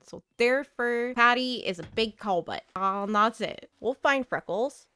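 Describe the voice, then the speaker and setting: A young woman chats over a life-sim game with a playful, self-mocking running commentary. Her voice is fairly high and smooth, close to the mic in a dry space. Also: moderate pace, sharp tone, no room sound. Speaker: gaming creator. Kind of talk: casual gameplay commentary.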